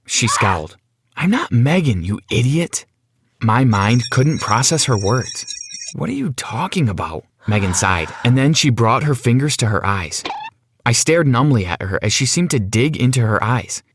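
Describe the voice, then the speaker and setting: A man's voice: mid-range voice, a little hiss or hum. A young man narrating a first-person story in a dramatic, self-questioning way.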